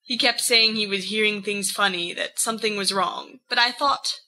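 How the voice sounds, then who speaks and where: A woman's voice: medium pitch, steady tone, moderate pace, bright, forceful tone, rough recording. A woman voicing a brash, cocky eighteen-year-old young man who tells his story in a boastful, rambling way. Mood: recounting.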